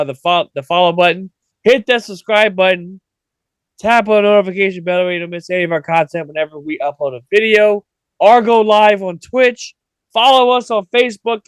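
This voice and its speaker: A man's voice: high voice, smooth, no echo. A man hosting a podcast in casual chat, sleepy and yawning, rambling in a laid-back way. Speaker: podcast host.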